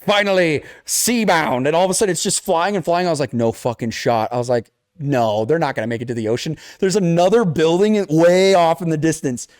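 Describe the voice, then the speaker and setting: This podcast co-host is a young man with a fairly high voice and a brisk pace, heard in studio quality without echo. Swearing often and acting out the game characters, he tells a lively video game story during a casual chat.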